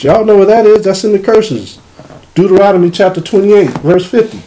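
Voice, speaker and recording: A man with a high-set, mellow, dark-toned voice teaches a religious lesson. He reads passages of scripture in a slow, measured way. Then he breaks into loose, conversational commentary. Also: lively intonation. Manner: reads verses slowly, then explains in loose casual speech.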